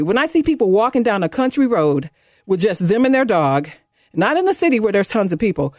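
A woman in her fifties hosting a talk radio show, delivering a fired-up, sarcastic monologue that climbs high when she gets indignant. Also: a little mellow, no room sound, clean studio sound. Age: 50s. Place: radio studio. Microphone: studio microphone.

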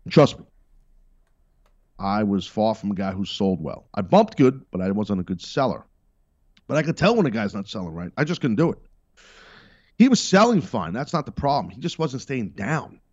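A middle-aged man with a fairly low, very animated voice hosts a podcast, delivering blunt, emphatic wrestling commentary with profane, sarcastic asides at normal speed. The recording has no room sound and its highs are cut off.

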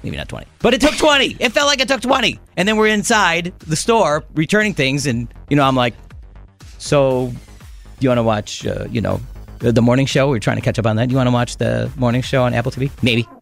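A middle-aged man, hosting a casual radio chat and telling a story with animated back-and-forth voices. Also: medium pitch, brisk, creaky, faint music behind. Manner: animated storytelling, acting out both sides of an argument. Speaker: radio host.

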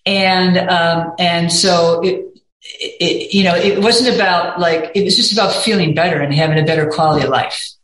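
A woman's voice: lowish voice, fairly even intonation, moderate pace, fairly bright tone, a little hiss or hum. A middle-aged woman talking as an interview guest in a candid, rambling way, often saying "you know". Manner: rambling, candid, peppered with 'you know'. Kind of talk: casual interview chat. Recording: echoey room.

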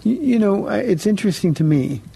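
A man's voice: high voice, lively intonation, brisk, vocal fry, warm tone, a little hiss or hum. A man hosting a call-in Christian radio show as pastor, thanking callers and questioning young guests.

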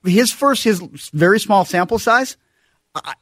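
Male radio co-host, high voice, easygoing headline reader, dry studio sound. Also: lively intonation, measured pace, a bit bright, no echo. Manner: loose and joking, with restarts. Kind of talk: casual radio chat and news reading. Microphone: studio microphone.

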